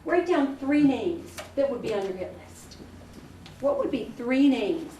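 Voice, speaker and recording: A woman leading a career workshop for a group, telling anecdotes in a chatty, animated way. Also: a little high, a little slow, a little hiss or hum. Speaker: workshop leader. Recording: echoey room from far off, faint ambience.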